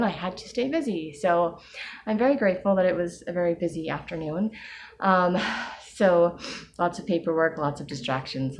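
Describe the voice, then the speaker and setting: A woman talking in a personal video diary, emotional and close to tears, pausing often with fillers. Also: deep voice, a little hiss or hum. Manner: emotional, near tears, with many pauses and fillers. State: teary. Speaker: vlogger. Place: at home.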